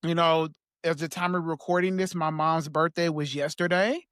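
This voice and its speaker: Soft-spoken man, a bit high, dry sound. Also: steady tone, clear, resonant tone, no room sound. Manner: soft-spoken, halting, with gentle laughs. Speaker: podcast guest. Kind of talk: reflective personal conversation.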